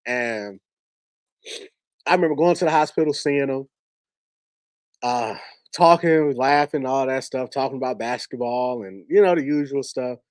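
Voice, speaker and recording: A man telling a personal story on a livestream as its host, talking candidly with halting restarts. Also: medium pitch, darkish tone, clean tone, dry recording, clean studio sound. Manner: candid, halting, laughs while telling stories.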